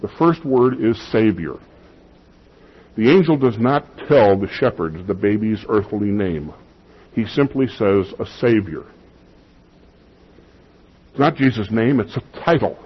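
A male pastor delivers a sermon with emphasis, often repeating his key phrases for weight. His voice sits low and a little husky. The recording is dull and lo-fi. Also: measured pace, pauses often.

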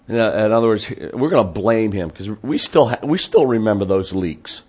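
A man's voice: on the low side, animated, normal speed, hardly any pauses, darkish tone, breathy edge. A man giving a sermon as a Bible teacher, conversational with frequent restarts and asides, reading scripture quotes in a raised, emphatic voice.

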